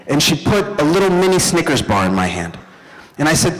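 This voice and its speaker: A young man doing a stand-up comedy set, telling animated stories and talking to the crowd. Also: fairly high pitch, brisk. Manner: animated storytelling, addresses the crowd. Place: event hall stage. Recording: live hall with long reverb.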